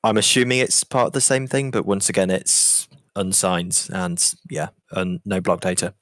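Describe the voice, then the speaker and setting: A man calmly explaining his plans in an online staff meeting, low-key and matter-of-fact. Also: moderate pace, dry recording, studio quality. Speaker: staff member proposing a rail extension. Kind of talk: casual meeting discussion.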